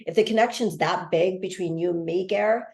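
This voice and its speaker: A woman's voice: lowish voice, normal speed, darkish tone. A woman in her fifties co-hosting a podcast, chatting casually and emphatically about a TV episode. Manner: chatty, emphatic, restarts often. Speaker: podcast co-host. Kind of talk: casual recap chat.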